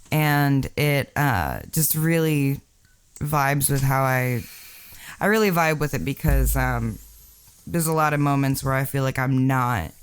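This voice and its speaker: Casual podcast co-host from Texas; smooth, clear voice; rambles with lots of "um" and "like". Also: medium pitch. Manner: chatty and rambling, many fillers, laughs often. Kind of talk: casual chat.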